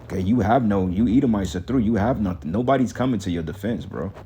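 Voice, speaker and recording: Angry cursing preacher man, low voice. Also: fast, warm tone, a little hiss or hum. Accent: African American Vernacular English. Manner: reads scripture aloud. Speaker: street preacher. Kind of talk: profane street sermon.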